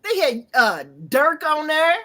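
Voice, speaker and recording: A woman recaps a TV episode in loose casual chat. Her voice rises and falls widely as she acts out the scenes and swears freely. Her pitch sits slightly high for a woman. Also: slow pace. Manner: animated storytelling, acts out quotes, swears freely. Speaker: host.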